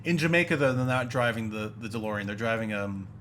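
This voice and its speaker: A man's voice: lowish voice, expressive, quick pace, a bit bright, a little hiss or hum. A man co-hosting a casual podcast, rambling sarcastically about a movie with lots of fillers and restarts. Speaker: podcast co-host. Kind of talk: casual film-review banter.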